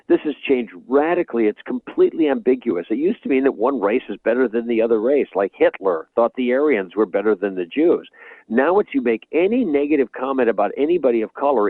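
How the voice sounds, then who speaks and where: A male guest author explaining his ideas in a measured, conversational way during an interview. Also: mid-range voice, husky, no room sound. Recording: tinny phone-like remote line.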